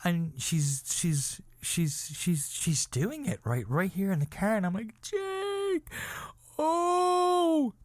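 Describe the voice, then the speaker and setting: A man's voice: animated, unhurried, hardly any pauses, darkish tone, dry recording. Crude rambling male podcast host. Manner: rambling, swings into high wailing cries; profane, mock-serious. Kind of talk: crude comedic monologue.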